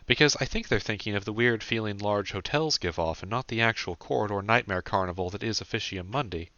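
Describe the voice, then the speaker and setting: A man's voice: on the low side, a little fast, pushed and bright, dry recording, dull audio. A man voicing a thoughtful, slightly fretful young man. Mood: earnest. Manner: earnest, wry, slightly worried.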